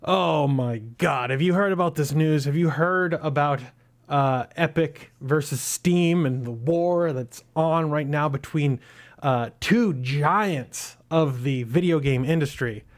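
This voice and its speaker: A man's voice: fairly high pitch, slow pace. A man hosting his own gaming video, chatty and upbeat, laughing at himself. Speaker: gaming channel host. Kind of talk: casual video commentary.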